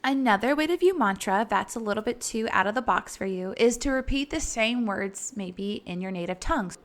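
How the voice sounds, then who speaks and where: A woman yoga teacher giving a casual, chatty lesson on calming breathing and laughing now and then. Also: medium pitch, moderate pace. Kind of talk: casual instructional talk.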